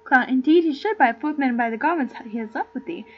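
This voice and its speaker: A woman's voice: sits high, animated, quick pace, a little hiss or hum. A woman voicing a simple, good-natured young country lad who bumbles along and counts things aloud, on a dull lo-fi recording. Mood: kindly.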